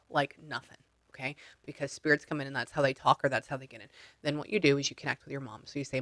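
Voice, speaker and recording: A man's voice: medium pitch, steady tone, fast, pushed and bright, no room sound. A man working as a spiritual medium, coaching a client step by step over a video call in a blunt, casual way and swearing freely.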